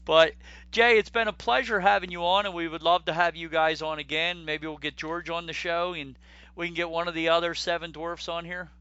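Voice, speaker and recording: A bright, somewhat high-voiced man hosting a podcast, chatty and quick to laugh. He stumbles over his words now and then. The sound is dry and close, with faint music underneath. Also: flat delivery, clean tone, no echo, muffled recording. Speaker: podcast host. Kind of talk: casual podcast chat.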